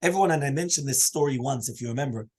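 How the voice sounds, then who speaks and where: A man teaching a Torah class as a rabbi, telling stories with big swings in pitch and loudness. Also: racing, husky, rough recording. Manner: animated storytelling with swinging pitch and volume.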